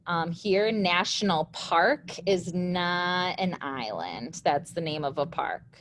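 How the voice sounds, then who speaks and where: Slow, patient woman teacher. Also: fairly low pitch, lively intonation, fairly bright tone, a little hiss or hum. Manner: patient, explains step by step. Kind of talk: recorded classroom lesson.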